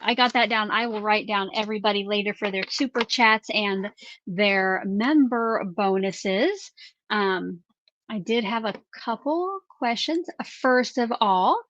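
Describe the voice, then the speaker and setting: A woman co-hosting a crafting livestream in a casual, chatty way, answering viewer questions and announcing giveaway winners with drawn-out reveals. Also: fairly high pitch, fairly bright tone, no echo. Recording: slightly muffled dry livestream audio.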